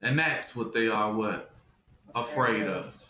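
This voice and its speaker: A man's voice: on the low side, takes it slowly, bright, forceful tone, roomy sound, a little hiss or hum. A man preaching a sermon, emphatic, with call-and-response questions to his listeners.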